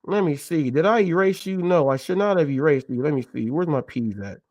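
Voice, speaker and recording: High-voiced indignant man hosting. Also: expressive, fairly quick, a little mellow, dry recording. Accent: Californian English. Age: adult, a parent. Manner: repetitive, emphatic, indignant. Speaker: gig-economy show host. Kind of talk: heated live commentary.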